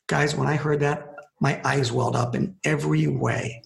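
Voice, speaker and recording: A man's voice: mid-range voice, moderate pace, creaky. A man from Los Angeles, a podcast guest, telling a story in a conversational way and acting out what people said. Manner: animated storyteller, acts out quoted speech. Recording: echoey room.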